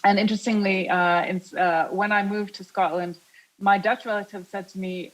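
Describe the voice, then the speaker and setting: A woman's voice: lowish voice, steady tone, normal speed, poor audio. An American woman, an art historian speaking on a panel over a video link, chatty with frequent fillers. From United States.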